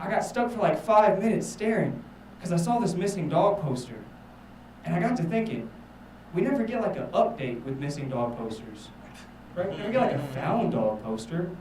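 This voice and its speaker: A man's voice: high-pitched, a little mellow, echoey room, distant mic, slight background noise, poor audio. A man doing a rambling, self-mocking stand-up set, swearing a lot. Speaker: stand-up comedian. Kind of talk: stand-up set at a live show.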